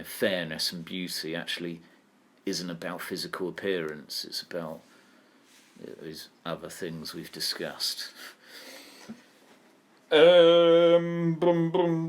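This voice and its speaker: A man's voice: low voice, slow. A man teaching an online poetry lesson, thinking aloud and asking his students questions. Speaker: English teacher.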